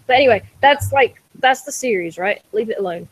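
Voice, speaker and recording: A woman's voice: a little high, lively intonation, fairly quick, husky, poor audio. A woman on a podcast in casual chat, ranting in an exasperated, sweary way. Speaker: podcast co-host.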